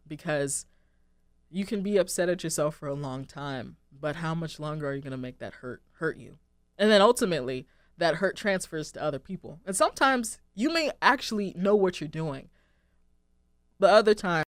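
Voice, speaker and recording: A woman's voice: low voice, no room sound, clean studio sound. A young woman hosting a radio show, talking through her thoughts in an earnest, rambling way with lots of "like" and "um". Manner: earnest, rambling, heavy use of "like" and "um". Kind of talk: reflective casual monologue.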